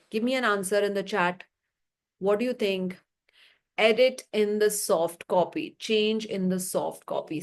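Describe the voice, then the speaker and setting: A woman teaching a live online class, reading chat replies and explaining with rhetorical questions and animated stories. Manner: animated storytelling, rising pitch for emphasis. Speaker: energy healing teacher.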